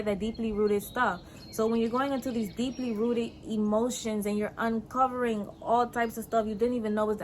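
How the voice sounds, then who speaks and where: A woman's voice: a little high, slight background noise, close to an everyday voice. A woman channeling a solemn mystic in an accent.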